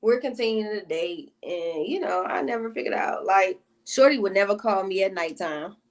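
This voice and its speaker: A woman's voice: medium pitch, animated, moderate pace. A woman vlogger telling a personal storytime in casual, profane talk that keeps drifting into side tangents aimed at her viewers.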